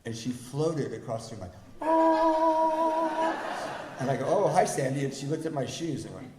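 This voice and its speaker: A man's voice: mid-range voice, quick pace, loud music behind the voice. A middle-aged man from the United States, a guest speaker at a recovery meeting, telling his own story to a live audience and acting out the people in it, laughing often. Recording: echoey meeting hall with faint ambience.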